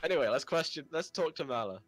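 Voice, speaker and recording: A man at a tabletop game, his voice lively and swinging up and down. He talks casually and steers the group back to the task. Soft music sits behind. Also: a little high, fast talker. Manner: bossy, pushes the group back on track. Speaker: player.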